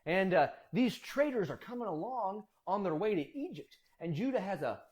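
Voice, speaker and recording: Man telling bible stories, casual, animated, lively pitch swings. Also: moderate pace. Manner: animated, acts out voices. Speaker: storyteller.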